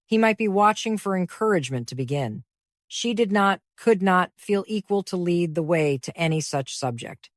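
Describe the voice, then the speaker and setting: A woman narrating a classic novel in a measured, even reading voice. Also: on the low side, dry recording, studio quality.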